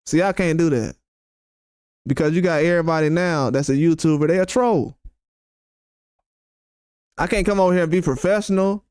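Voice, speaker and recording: A man's voice: a little high, normal speed, pauses often, a little mellow, smooth, no room sound, studio quality. A man hosting a boxing channel, ranting on a live stream in a blunt, profane and repetitive way. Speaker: boxing YouTuber host. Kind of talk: heated live-stream rant.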